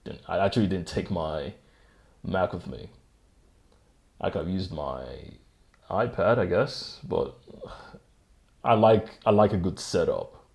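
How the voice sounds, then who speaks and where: Low gravelly man rambling on his podcast. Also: expressive, a little slow, long pauses, darkish tone. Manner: rambling, self-mocking, chuckles often. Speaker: podcast host. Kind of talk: solo podcast chat. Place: home desk setup. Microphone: desk microphone.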